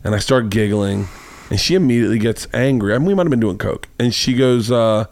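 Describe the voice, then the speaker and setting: In a home studio room, a podcast host tells a long, rambling anecdote during casual chat, acting out the voices of the people involved. He has a mid-range voice with a darkish tone and a fairly quick pace, and there's no echo.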